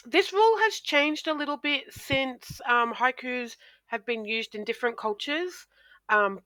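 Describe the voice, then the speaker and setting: A woman's voice: on the high side, fairly bright tone, no room sound. A woman teacher explaining poetry in a recorded lesson, talking into a close microphone with frequent ums and restarts.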